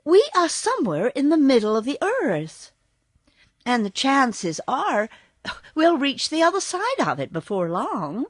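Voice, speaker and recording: A woman voicing a cheerful, plucky young girl in a storybook reading, higher than her narration. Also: huge pitch swings, a little slow, dry recording, clean studio sound, exaggerated voice. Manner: bright and reassuring.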